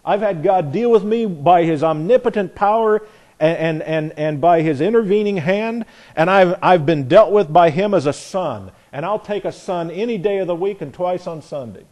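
A middle-aged man leads a Bible study in an earnest, conversational way. His voice sits a little high for a man, and he often restarts his sentences mid-thought. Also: expressive, normal speed, a little mellow. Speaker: Bible teacher. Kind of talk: informal Bible class teaching.

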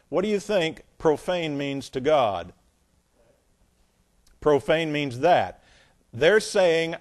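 A man's voice: on the high side, animated, takes it slowly, pauses often, a little mellow. A man preaching a sermon. He reads scripture aloud with emphasis and drops into blunt, scornful, plain-spoken asides. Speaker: pastor.

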